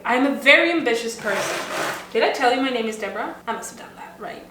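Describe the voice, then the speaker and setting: Talking quickly with lively intonation and a higher voice, a young Swedish woman bakes at home and chats for her vlog. She rambles and jokes at her own expense, with background noise echoing around the roomy kitchen.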